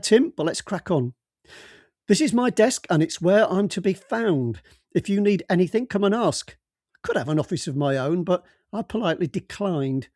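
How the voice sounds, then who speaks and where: A man voicing a loud, bluff police boss. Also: high-pitched, no echo, clean studio sound, voice pushed up. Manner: loud, bluff and bossy, cuts others off. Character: brusque, jovial middle-aged male police boss. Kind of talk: audiobook character voice.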